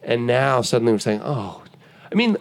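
Gravelly-voiced man telling stories. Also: mid-range voice, normal speed. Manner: animated storytelling, acting out dialogue. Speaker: podcast guest. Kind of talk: conversational explanation.

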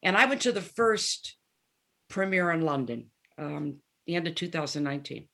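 Low-pitched and gravelly, this seventies-aged woman speaks at a moderate pace as a guest musician in an informal interview. She's a candid, animated storyteller, dramatizing the words of those she quotes.

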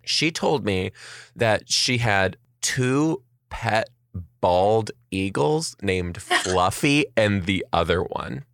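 A man's voice: on the low side, takes it slowly, creaky, no echo, studio quality. A man who works as a teacher, chatting casually and telling wry stories. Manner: lively, wry storyteller. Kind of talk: casual chat.

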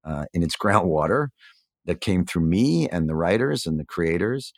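A middle-aged male guest in a candid, conversational interview speaks in a low, expressive voice at normal speed. He is reflective, searching for words with lots of fillers and restarts. The recording is dry and close, with no echo or room sound.

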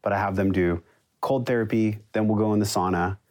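A man's voice: fairly low pitch, steady tone, fairly quick, a little mellow. A man who coaches breathwork, speaking as a guest in an earnest, reflective way. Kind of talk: casual conversation.

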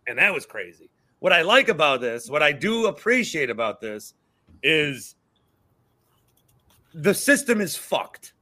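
A man's voice: a little high, big pitch swings, a little slow, long pauses, sharp tone. A man in his thirties with a Midwestern accent, co-hosting a sports podcast and ranting profanely in casual chat. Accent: Midwestern American. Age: 30s. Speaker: podcast co-host.

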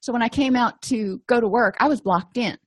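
A woman's voice: fairly high pitch, fairly quick, husky, no echo. A middle-aged woman counselor giving a conversational recorded lecture, explaining with everyday personal examples.

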